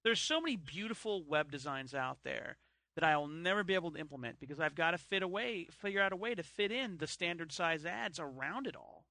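A man's voice: on the high side, expressive, a little fast, sharp tone, dry recording. A man co-hosting a podcast in casual, joking chat, breaking into silly voices. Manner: joking, bursts into put-on voices and laughter. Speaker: podcast co-host.

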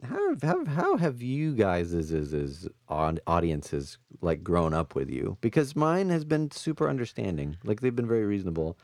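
A man co-hosting a webcomics podcast, chatty and self-deprecating, quick to joke with his co-hosts. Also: fairly low pitch, wildly swooping pitch, a little mellow, no echo, clean studio sound. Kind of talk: casual chat.

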